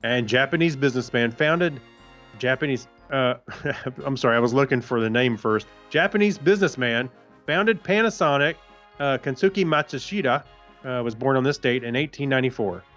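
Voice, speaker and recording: A man with a middle-pitched voice co-hosts a podcast, reading history items with dry puns and tripping over some names as he goes. His sound is slightly dull and muffled, with faint music behind it. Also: expressive, moderate pace, fairly bright tone. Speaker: podcast co-host. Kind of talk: casual chat reading this-day-in-history.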